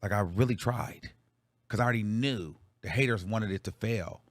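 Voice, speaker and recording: A man hosts a casual livestream in a fairly low voice, speaking bluntly and swearing freely. The sound is dry and close, with no room around it. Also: moderate pace, dry recording. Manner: blunt, profane, talks straight to viewers. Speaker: livestream show host.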